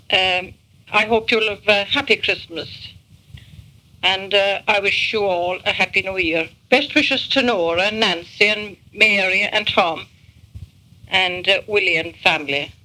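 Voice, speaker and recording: A woman's voice: medium pitch, bright, forceful tone, low-quality recording. A woman recording a spoken message to family, hesitating often with ums and uhs.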